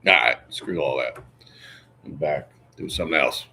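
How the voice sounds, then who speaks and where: A man's voice: rumbling low, normal speed, vocal fry, pushed and bright, a little hiss or hum. A man hosting a casual livestream, rambling through chat questions and answering them one by one. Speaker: livestream host.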